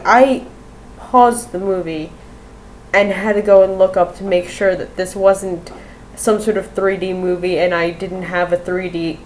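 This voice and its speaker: A woman's voice: medium pitch, a little mellow, a little hiss or hum, low-quality recording. A woman rambling casually in a home vlog, swearing and laughing easily as she talks. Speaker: vlogger. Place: room at home.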